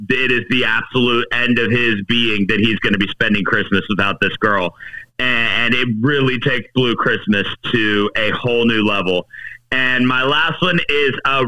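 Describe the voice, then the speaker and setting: A man's voice: medium pitch, pushed and bright, distant mic, low-quality recording. A man chatting casually on a podcast, laid-back and rambling with fillers. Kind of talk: casual chat.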